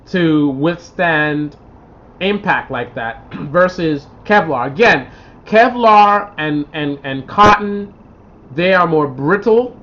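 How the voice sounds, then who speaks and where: Over muffled lo-fi livestream sound, a man with a high voice hosts a casual chat. He rambles, tells stories with plenty of animation, and reads viewers' comments aloud.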